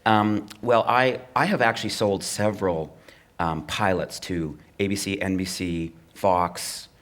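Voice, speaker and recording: Middle-aged male comedy writer, dry anecdotal delivery, mimics other voices, low-middle register. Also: unhurried, a bit bright. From Canada. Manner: wry, anecdotal, acts out the voices of network executives. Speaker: comedy writer and performer, guest. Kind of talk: live onstage conversation, storytelling.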